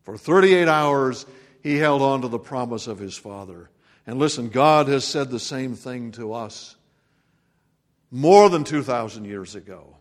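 A man preaching a sermon as pastor, swinging between loud proclamation and hushed, quiet lines. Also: mid-range voice, expressive, a little slow. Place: church sanctuary. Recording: long reverb of a church hall.

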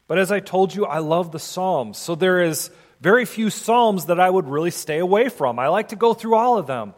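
A chaplain preaches in a loose, conversational way, now and then acting out the prayers he quotes. His voice sits high for a man. The sound rings out with a long hall reverb. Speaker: hospital chaplain. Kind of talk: sermon.

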